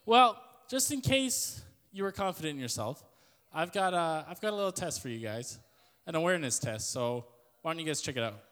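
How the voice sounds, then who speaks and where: A young man giving a loud, joking youth sermon to an audience in a church hall. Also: on the high side, sing-song, fairly quick, smooth. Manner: loud, joking, self-deprecating storyteller. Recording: long hall reverb.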